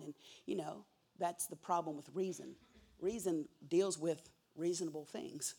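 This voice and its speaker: A woman preaching a sermon, swinging from hushed whispers to loud, emphatic cries and repeating key words for emphasis. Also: lowish voice, normal speed, vocal fry, breathy edge.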